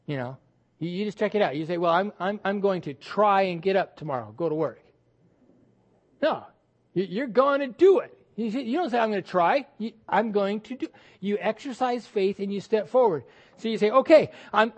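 A male pastor preaching a sermon with emphatic delivery, repeating words and acting out quoted voices. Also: high-pitched.

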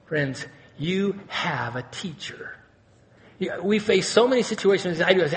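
Male pastor, high voice, lively sermon delivery with sudden drops to hushed intensity. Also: unhurried. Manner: animated, swings between loud exclamations and quiet intensity; asks the congregation rhetorical questions.

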